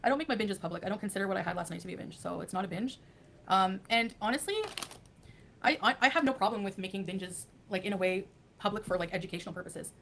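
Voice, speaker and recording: Fast-talking streamer woman, chatty and defensive, faint hum behind. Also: medium pitch, animated, gravelly, a bit bright. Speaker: livestreamer. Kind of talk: chatty livestream.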